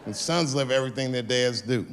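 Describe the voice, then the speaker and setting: A man's voice: mid-range voice, brisk. A man doing stand-up comedy, telling a laid-back story and acting out the other voices in it. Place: comedy stage with live audience.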